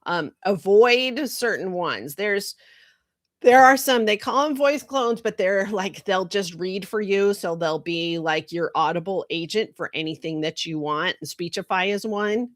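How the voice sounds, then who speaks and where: At a measured pace, a middle-aged woman who works in marketing delivers a casual, candid monologue in a mid-range voice. Asides and laughs come up frequently. The audio is dry and studio quality.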